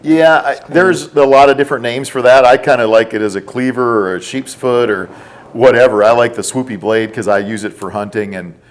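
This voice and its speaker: A middle-aged man, a podcast guest, telling stories casually and quoting the people in them. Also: mid-range voice. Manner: relaxed, drawn-out storytelling with quoted dialogue. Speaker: podcast guest, former special forces operator. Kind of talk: casual storytelling.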